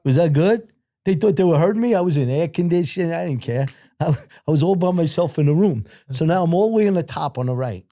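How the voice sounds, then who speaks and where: A middle-aged man telling prison stories as a podcast guest, full of swearing and repeated fillers, acting out other people's shouts. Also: a little high, fast, no echo, studio quality. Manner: profane, acts out other people's shouted lines; rambling, repeats filler phrases. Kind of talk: casual storytelling.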